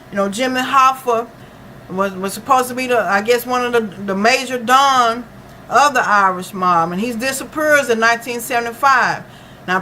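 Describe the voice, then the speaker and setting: Woman, true-crime commentary, off-the-cuff monologue, bright clear tone, lots of fillers, faint background noise. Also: fairly high pitch, rough recording. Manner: halting, full of uh and you know fillers. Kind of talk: unscripted monologue reading from notes. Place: lives in Dallas.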